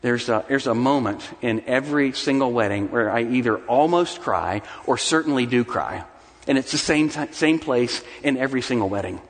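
A male pastor delivers an expressive sermon in a middle-pitched voice, his words swelling with emphasis at key points. The sound carries a long reverb from a large church sanctuary. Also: normal speed. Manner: expressive preaching, rising and intense when stressing points.

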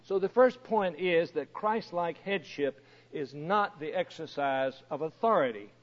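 A man preaches in a slightly raised voice, unhurried and deliberate, leaning on rhetorical questions. His words ring out with a long reverb through a large space. The recording sounds muffled and lo-fi. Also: a little high, expressive. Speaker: pastor. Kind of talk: sermon.

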